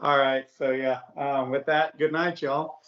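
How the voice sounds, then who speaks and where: A man co-hosting a casual podcast, laid-back and quick to laugh. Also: mid-range voice, little pitch movement. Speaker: podcast co-host. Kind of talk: casual chat. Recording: dull lo-fi podcast audio.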